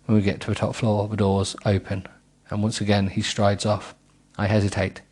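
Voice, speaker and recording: A man's voice: on the low side, monotone, moderate pace, darkish tone, slightly rough. A middle-aged man reading a book aloud with comic asides, giggling and stumbling over words.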